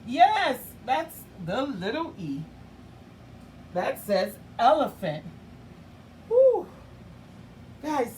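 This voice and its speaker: A woman who teaches young children, walking them through letter sounds with playful questions and drawn-out sounds. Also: sits high, a little hiss or hum. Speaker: early learning teacher.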